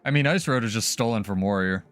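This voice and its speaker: A man's voice: lowish voice, fast, fairly bright tone, smooth, soft background music. A man streaming gameplay and chatting casually, with laughing, swearing banter. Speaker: game streamer.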